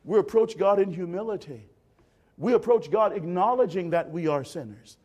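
A man's voice: high-pitched, normal speed, a little mellow. A man preaching a sermon in an emphatic, dramatic way, addressing the congregation directly.

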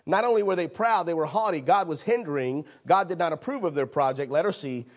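A man preaching a sermon, animated, repeating phrases and acting out the voices in the scripture he reads. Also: fairly high pitch, fairly quick.

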